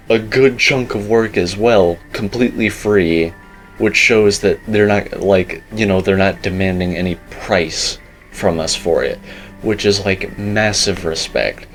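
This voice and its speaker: Low-voiced young man rambling opinions. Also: a little slow, soft background music, poor audio. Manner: rambling and opinionated, heavy filler words. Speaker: gaming YouTuber. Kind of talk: casual commentary on a game teaser.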